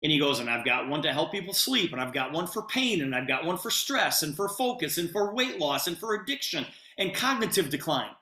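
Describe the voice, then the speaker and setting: A man on a video call tells a sales story and acts out both sides of the conversation. His voice is bright and forceful, and it rings in an echoey room. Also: a little high, sing-song, a little fast, few pauses. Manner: retells conversations, voicing both sides of the dialogue. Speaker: presenter at an online business opportunity meeting.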